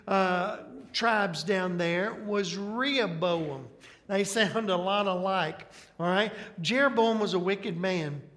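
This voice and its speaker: A man with a Southern Alabama drawl preaches in an unhurried, folksy way, pausing often to ask "right?" of his listeners. His voice sits fairly high for a man. It rings out with a long reverb, as in a church hall. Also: fairly bright tone. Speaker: preacher, Bible teacher. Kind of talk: sermon.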